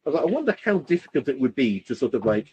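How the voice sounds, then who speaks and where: A man's voice: medium pitch, sing-song, very fast, mellow, highs cut off, slight background noise. A man co-hosting a podcast, talking casually and rambling with lots of fillers, from the UK. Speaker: podcast co-host. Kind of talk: casual chat.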